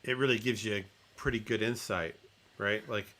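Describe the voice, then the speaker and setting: A man hosting a podcast, talking things through in a relaxed, thoughtful way with some hedging. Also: lowish voice, moderate pace. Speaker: podcast host. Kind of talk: casual interview talk.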